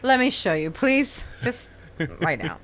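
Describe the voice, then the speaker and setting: A woman's voice: fairly high pitch, big pitch swings, takes it slowly, fairly bright tone. A woman co-hosting a podcast in casual chat, joking bawdily and laughing often. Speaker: podcast co-host.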